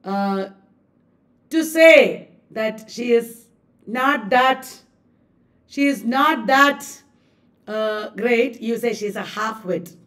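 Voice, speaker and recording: A woman's voice: on the high side, slow, pauses often, recorded from a distance. A woman with an Indian English accent teaching a live online class, emphatic, repeating key phrases and checking that students understood.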